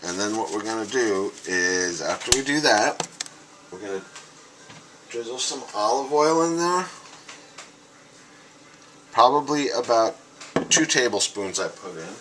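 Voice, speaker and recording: A man's voice: on the low side, expressive, measured pace, pauses often. A man chatting casually to viewers as he demonstrates a home recipe, talking as he works. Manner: chatty, talks to viewers as "guys" while working, with frequent restarts. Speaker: home cooking host. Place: home kitchen. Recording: noisy kitchen clatter. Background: clattering dishes, cutlery and stirring.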